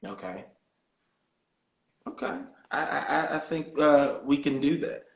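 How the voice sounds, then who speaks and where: A man's voice: a little high, animated, a little slow, gravelly. A man hosting an interview over a video call, easygoing and curious as he asks questions. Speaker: host. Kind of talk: casual interview chat. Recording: roomy echo.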